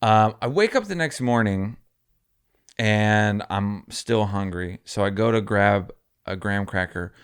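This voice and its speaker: Young male podcast co-host, casual storyteller, clear low voice. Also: a little slow. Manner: laughing storyteller, acts out quotes. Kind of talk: casual chat.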